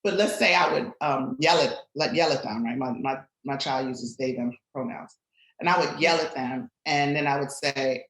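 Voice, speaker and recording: A middle-aged woman, a guest on a podcast, talking reflectively in conversation and turning animated when she tells stories. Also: extremely low pitch, moderate pace, roomy sound, low-quality recording.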